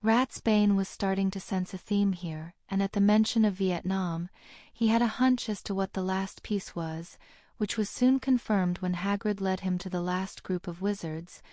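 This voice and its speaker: A woman narrating a fantasy audiobook in a steady, even storytelling read. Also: medium pitch, no echo, studio quality.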